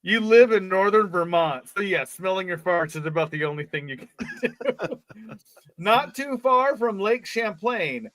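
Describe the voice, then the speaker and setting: A man's voice: sits high, expressive, a little slow, fairly bright tone, dry recording. A man co-hosting a podcast, reading a story aloud and breaking off for jokes and laughs. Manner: joking, laughs between lines. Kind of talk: casual reading with jokey asides.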